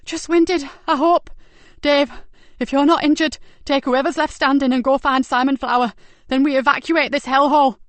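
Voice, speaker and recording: A woman's voice: on the high side, normal speed, fairly bright tone, no room sound, voice pushed up. A woman voicing a tense female police detective in an audiobook, urgent and strained.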